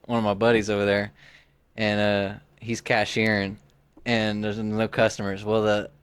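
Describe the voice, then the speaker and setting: A man's voice: lowish voice, completely flat delivery, normal speed, clear, resonant tone, dry recording. A man in his twenties, a podcast co-host, telling a story in a rambling casual way with lots of "like" and restarts. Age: 20s. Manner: rambling, heavy use of "like", frequent restarts.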